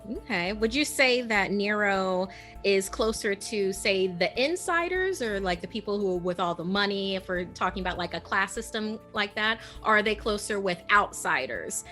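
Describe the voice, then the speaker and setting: A woman's voice: medium pitch, expressive, moderate pace, sharp tone, faint music behind. A woman running a tabletop role-playing game, asking players to introduce themselves with frequent fillers. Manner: friendly, prompting players with questions, filler-heavy. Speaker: game master.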